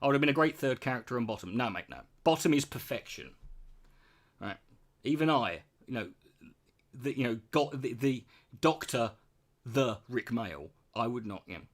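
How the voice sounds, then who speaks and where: A man's voice: mid-range voice, animated, moderate pace. Profane British man ranting. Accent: British English. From Britain. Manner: blunt, profane, sarcastic. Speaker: streamer answering chat. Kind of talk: casual ranting chat.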